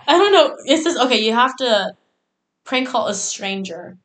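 A woman's voice: fairly high pitch, lively intonation, moderate pace, fairly bright tone. A young woman co-hosting a podcast in casual chat. She is giggly and chatty, with lots of 'like' and swearing. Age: young adult. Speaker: podcast co-host. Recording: echoey room.

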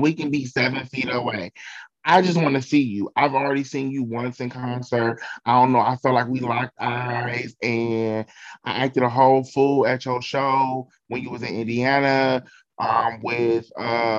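A man's voice: mid-range voice, muffled recording. A man from Ohio, talking in an emotional, effusive way with casual swearing during a chat.

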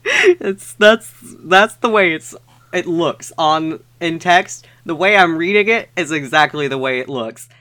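A man co-hosting a comedy podcast, reading a fanfic aloud in a deadpan way with crude asides. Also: on the high side, measured pace, no room sound.

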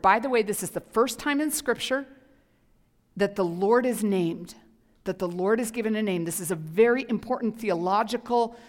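Woman pastor, passionate sermon delivery with whispered asides, mid-pitched, church hall echo. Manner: impassioned, swings from whispers to loud emphasis. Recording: hall reverb.

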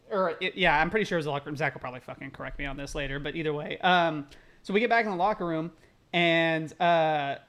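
Young male co-host, high-pitched, loud acted-out quotes, casual chat. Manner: animated storyteller, swears a lot, acts out quotes loudly. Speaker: podcast co-host.

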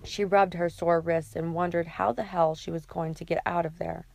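Gravelly low-voiced woman narrating. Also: fairly even intonation, moderate pace, a little mellow, no echo. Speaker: audiobook narrator. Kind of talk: audiobook narration.

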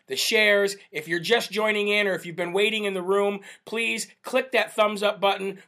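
A man hosting a live stream, reading out viewer shout-outs in a chatty, casual way, laughing often and using many fillers. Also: high voice. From United States. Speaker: livestream host.

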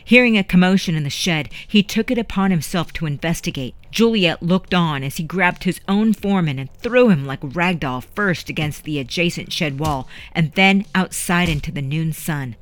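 An audiobook narrator reading a historical story in a measured, dramatic way. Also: medium pitch, a bit bright. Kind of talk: scripted narration.

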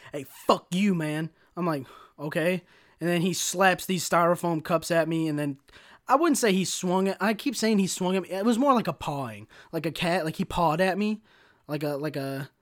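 A young man hosting a solo podcast, telling a story in a profane, animated, slangy rant. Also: fairly high pitch, a little fast. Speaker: podcast host.

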